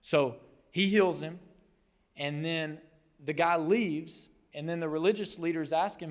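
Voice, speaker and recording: A pastor preaches a sermon in a church hall with long reverb, his slightly high voice moving at normal speed. He tells the story conversationally, acting out the quotes with animation.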